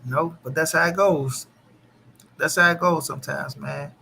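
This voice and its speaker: Bright-voiced man chatting on a live stream. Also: fairly high pitch, steady tone, moderate pace, creaky, a little hiss or hum. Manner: loose, profane, talks back to chat. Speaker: boxing channel host. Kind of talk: casual live-stream chat.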